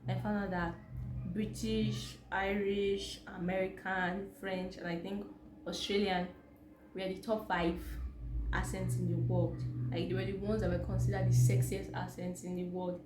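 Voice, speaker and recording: A woman's voice: medium pitch, flat delivery, measured pace, background noise. A young Nigerian woman with a Nigerian accent, talking emphatically to camera in her vlog and asking rhetorical questions. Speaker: vlogger. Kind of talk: opinionated talk to camera. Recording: echoey room, faint ambience.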